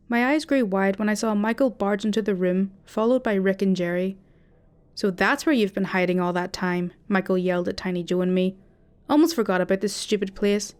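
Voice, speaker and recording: Telling a horror story in the first person, a woman keeps her delivery steady and dramatic. Her pitch is medium.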